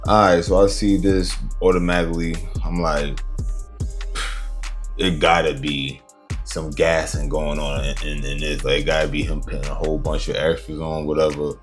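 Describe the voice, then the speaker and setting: Male host, very low voice, casual and rambling, talks to the audience. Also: little pitch movement, moderate pace, faint music behind. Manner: loose, rambling, talks straight to viewers. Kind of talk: casual reaction commentary.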